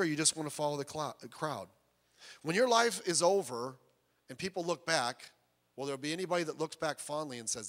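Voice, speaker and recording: High-voiced preacher man in a reverberant hall. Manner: animated storytelling, acting out quoted voices. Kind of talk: sermon.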